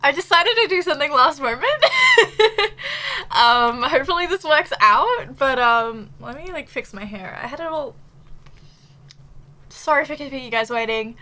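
A bubbly woman streamer chats casually with her viewers, giggling often and filling gaps with ums. Her voice sits a little high and sounds bright, and she is slightly out of breath. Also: lively intonation, moderate pace. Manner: bubbly, giggly, chatty with many fillers. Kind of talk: casual live-stream chat.

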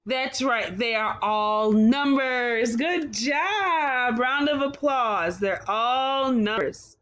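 A woman teaching a kindergarten phonics lesson, sounding out words slowly and praising the children cheerfully. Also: a little high, lively intonation, fairly bright tone, muffled recording. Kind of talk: slow, clear phonics lesson for young children.

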